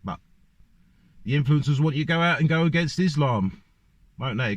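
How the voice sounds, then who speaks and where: A man's voice: fairly high pitch, animated, normal speed, pauses often, no room sound. A man ranting in a monologue to camera, firing off one rhetorical question after another. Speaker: vlogger. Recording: dull lo-fi dry recording.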